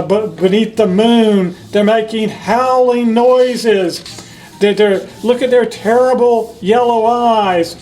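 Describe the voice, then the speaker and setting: Man, high-pitched, unhurried storytime reader who explains the pictures to kids. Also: rough recording. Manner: gentle, explains the pictures to children; reads each passage in French then in English. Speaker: library director reading a picture book. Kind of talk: children's storytime read-aloud.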